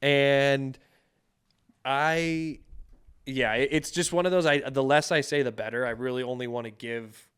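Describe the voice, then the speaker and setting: Casual male podcast co-host, smooth clear voice, rambles with lots of restarts and swearing. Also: medium pitch, fairly even intonation, measured pace, a bit bright. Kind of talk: casual chat.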